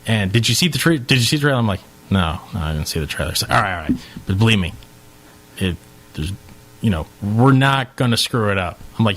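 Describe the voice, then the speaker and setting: Animated man telling a long story. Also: lowish voice, quick pace. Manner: animated storyteller, acts out quotes, swears. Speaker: podcast co-host. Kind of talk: casual chat, long anecdote.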